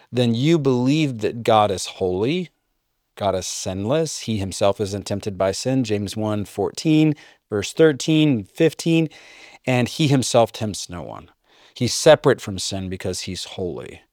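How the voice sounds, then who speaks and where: A man preaching a sermon, reading scripture aloud and joking by mimicking his listeners in high voices. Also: sing-song, a little slow, a little mellow, no echo, studio quality. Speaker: pastor.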